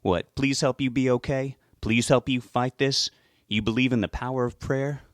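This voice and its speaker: A man's voice: medium pitch, fairly even intonation, moderate pace, no room sound, studio quality, voice pushed up, close to an everyday voice. A man reading an audiobook, voicing a towering, sadistic killer with a Southern drawl. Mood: taunting. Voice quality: drawling, mocking. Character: towering male serial killer, taunting and sadistic.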